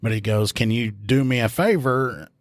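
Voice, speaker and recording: A man's voice: medium pitch, moderate pace, no room sound, clean studio sound. A man, co-hosting a podcast and telling work stories in casual chat, raising his voice to act out quotes. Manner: storyteller who acts out quotes in a raised voice. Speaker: podcast co-host, field training officer.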